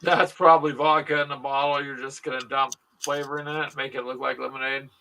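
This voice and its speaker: A man with a gravelly, bright voice, a little raised in pitch, cracking jokes and teasing as he hosts a laid-back chat. He sounds a bit away from the mic. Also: level tone, brisk, distant mic. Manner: joking, teasing banter. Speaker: host. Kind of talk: casual chat.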